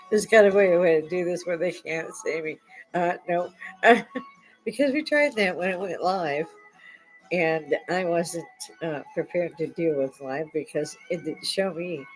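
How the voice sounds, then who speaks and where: Slow-talking older woman. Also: mid-range voice, low-quality recording. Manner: chatty, laughs often. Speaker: host. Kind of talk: casual live-stream chat.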